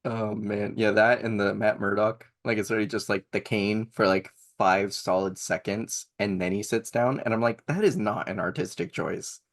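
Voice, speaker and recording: Low-voiced excitable young man chatting. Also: normal speed, hardly any pauses. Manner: enthusiastic, rambling, laughs often. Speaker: podcast co-host. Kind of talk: casual chat.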